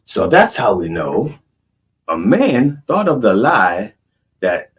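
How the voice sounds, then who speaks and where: Man with a low raspy voice, rambles through funny stories, keeps cutting himself off. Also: huge pitch swings, takes it slowly. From Baltimore. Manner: rambling, self-interrupting, irreverent. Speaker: comedic preacher host. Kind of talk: storytelling stand-up monologue.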